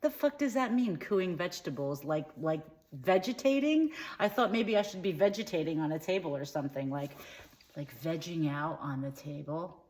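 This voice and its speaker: Here her voice is low and darkish, animated yet at a normal pace. Playing the bigoted, dim-witted comic persona, she rambles through a satirical monologue, mishearing words and darting between tangents.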